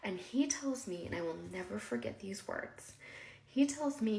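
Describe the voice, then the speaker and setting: A woman's voice: mid-range voice, animated, moderate pace, creaky, a little mellow. A woman telling her own story with strong emotion, acting out what people said in raised voices. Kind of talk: personal storytelling. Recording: echoey room.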